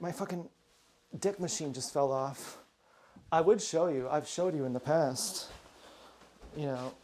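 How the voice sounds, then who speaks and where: A man's voice: a little high, a little mellow, slight background noise. A man rambling in a casual, profane monologue from home, drifting between topics and muttering asides. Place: at home indoors.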